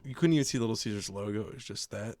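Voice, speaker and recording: A man co-hosting a casual podcast, telling stories in an animated way with a lot of swearing. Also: fairly low pitch, racing, dry recording. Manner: profane, animated storyteller. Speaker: podcast co-host. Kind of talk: casual chat. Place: remote recording, like a video call.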